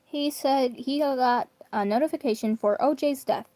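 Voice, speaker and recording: A woman's voice: high voice, moderate pace, dark tone, dry recording, natural voice. A woman voicing a polite, slightly robotic talking tablet assistant in a story she reads aloud. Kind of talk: storybook reading.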